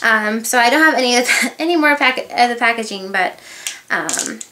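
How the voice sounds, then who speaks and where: A woman chatting her way through a beauty haul review, rambling from point to point with plenty of asides. Her voice sits a little high and sounds bright and forward. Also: expressive, normal speed, a little hiss or hum. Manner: rambling, chatty, full of filler words and asides. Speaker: beauty vlogger. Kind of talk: casual haul review chat.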